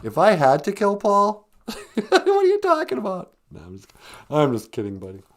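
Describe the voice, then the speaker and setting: A man voicing an innocent male sidekick puppet with a high, squeaky voice. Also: wildly swooping pitch, moderate pace. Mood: giggly.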